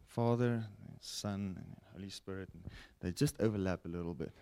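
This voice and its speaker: A man preaching a broadcast sermon, with animated rises and falls and frequent "okay?" check-ins to his listeners. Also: low voice, normal speed, clean tone. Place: broadcast teaching setting.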